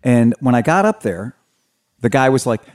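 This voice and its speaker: A man hosting a casual podcast spins a rowdy story with plenty of swearing. His pitch swings widely as he acts out the people he met along the way. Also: normal speed. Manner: animated storyteller, swears freely, acts out voices in anecdotes. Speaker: podcast host. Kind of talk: casual chat.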